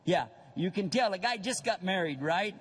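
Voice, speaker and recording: An older man preaching a lively religious lecture, acting out other people's voices for humor. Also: sits high, moderate pace, husky, big-room sound. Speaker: Islamic preacher.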